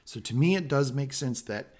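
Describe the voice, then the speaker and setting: A man hosting a casual podcast recap, talking in an excitable, animated and profane way. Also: mid-range voice, moderate pace. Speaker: podcast host. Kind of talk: casual chat, show recap.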